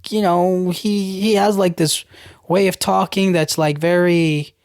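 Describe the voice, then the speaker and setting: A man's voice: sits high, steady tone, measured pace, a little mellow, clean tone, dry recording, studio quality. A young man hosting a podcast, recapping a film in a loose, rambling way, full of "like" and "you know what I mean". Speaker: podcast host.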